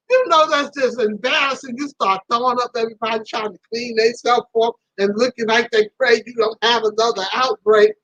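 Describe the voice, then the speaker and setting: A woman hosting a live stream, telling a personal story in a casual, animated way, laughing and her voice leaping high at the embarrassing parts. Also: a little fast, dry recording, dull audio.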